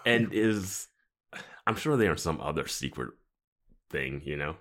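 A man's voice: rumbling low, animated, unhurried, a bit bright. A man co-hosting a podcast, chatting casually and rambling with lots of fillers and laughter. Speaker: podcast co-host. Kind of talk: casual chat.

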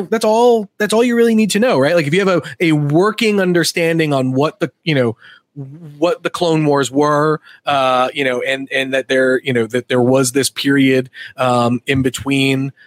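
A man co-hosting a relaxed chat, talking in a slightly high voice. He rambles with many fillers and restarts. The sound is dry and close. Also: dry recording. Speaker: co-host. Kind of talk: casual podcast chat.

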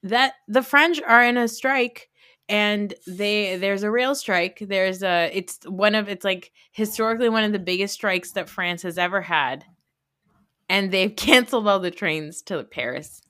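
A woman hosting a podcast, telling a travel story in casual chat with animated delivery and casual swearing. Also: mid-range voice, measured pace, dry recording, clean studio sound. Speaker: podcast host.

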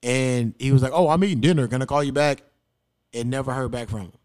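A young man hosting a podcast, telling a long personal story in casual, profane chat and acting out quotes loudly. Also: mid-range voice, fast talker. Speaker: podcast host.

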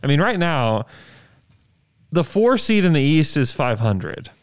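A man's voice: a little high, sing-song, unhurried, no room sound, studio quality. A man co-hosting a casual sports podcast, rattling off standings and numbers with emphasis. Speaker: podcast co-host.

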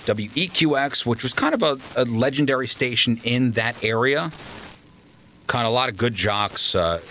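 A man, a radio DJ, telling animated stories in a casual interview and acting out the people he quotes. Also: lowish voice, slight background noise. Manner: animated anecdotes, acts out quoted voices. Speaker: radio DJ guest.

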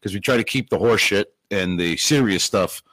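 A man's voice: on the low side, moderate pace, fairly bright tone, no echo. A man co-hosting a podcast, talking easily, laughing often and using lots of fillers. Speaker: podcast co-host. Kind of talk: casual chat.

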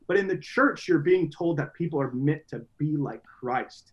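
Brief: young male podcast guest, earnest and reflective, rambling with restarts, voice sitting a little high. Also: lively intonation, brisk, lo-fi sound. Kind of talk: reflective conversational interview.

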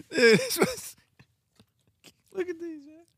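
A man co-hosting a casual podcast chat, teasing his partner and laughing excitably through a word game. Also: extremely high pitch, slow, gravelly, no echo. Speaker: podcast co-host.

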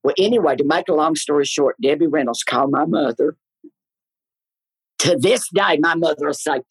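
A man, a guest on a talk show, telling stories in an animated, theatrical way. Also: normal speed, slightly rough, no room sound, low-quality recording. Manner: lively, theatrical, swoops up high in his laughs. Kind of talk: animated storytelling in a chat show.

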